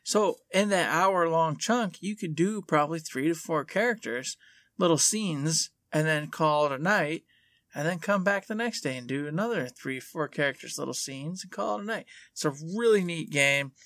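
A man with a fairly high voice and lively intonation co-hosts a podcast, talking at normal speed with a fairly bright tone. The chat is casual, and he comes across as easygoing and at times mock-stern, in a dry, studio-quality recording.

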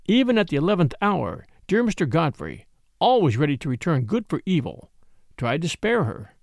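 A man reading an audiobook as narrator, in an expressive, theatrical manner. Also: on the high side, moderate pace, vocal fry, no room sound, studio quality. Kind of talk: scripted narration.

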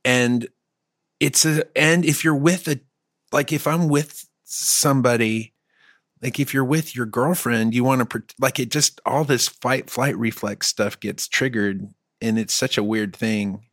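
A man with a medium-pitched, fairly bright voice talks at a measured pace with fairly even intonation, recorded cleanly in a studio with no echo. He's a musician co-hosting a podcast, rambling through stories in a casual, self-deprecating chat.

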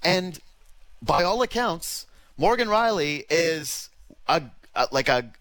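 A man with a Canadian accent co-hosting a sports radio show, talking animatedly in quick bursts and acting out imagined quotes. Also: a little high, a bit bright. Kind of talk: casual sports talk.

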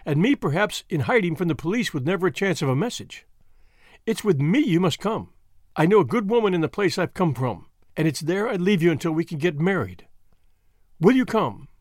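A man reading aloud, giving an earnest, commanding young man his voice, with lively, rising delivery. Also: high voice, no room sound, studio quality. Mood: earnest, tender. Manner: earnest, forceful pleading and solemn speechmaking. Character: bold young man, secret-society member, earnest and commanding.

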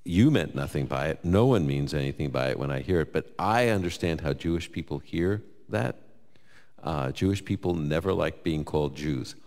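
A man with a New York accent fields Bible questions before a live audience. His voice is very low, and he mixes scripture quotes with casual asides. A long hall reverb trails each phrase. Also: moderate pace. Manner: conversational, lively, quotes scripture, jokes.

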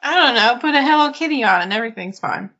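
A woman's voice: fairly high pitch, lively intonation, fast, bright, forceful tone, lo-fi sound. A woman co-hosting a podcast in casual chat, laughing often and reading from an article. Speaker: podcast co-host.

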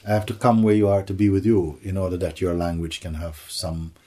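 Husky low-voiced man teaching satsang. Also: level tone, brisk, mellow. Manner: playful, breaks into acted voices and laughter. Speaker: spiritual teacher. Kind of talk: satsang talk to a questioner.

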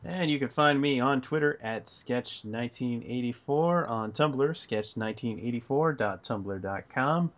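A man's voice: mid-range voice, fairly bright tone. Man reading out podcast links. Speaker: podcast host.

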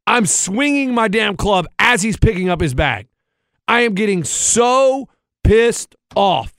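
A man's voice: sits high, lively intonation, slow pace, fairly bright tone, no room sound, clean studio sound. A man, podcast co-host, telling a story in a worked-up, ranting, profane way. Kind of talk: casual chat, storytelling.

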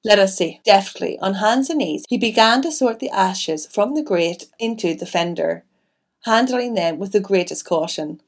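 A woman's voice: mid-range voice, expressive, normal speed. A woman reading a mystery audiobook steadily, breaking off now and then for casual chatty asides. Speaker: audiobook narrator.

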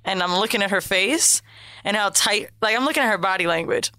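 A woman's voice: mid-range voice, brisk, sharp tone. A woman co-hosting a podcast, telling a story bluntly with plenty of swearing. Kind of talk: casual chat.

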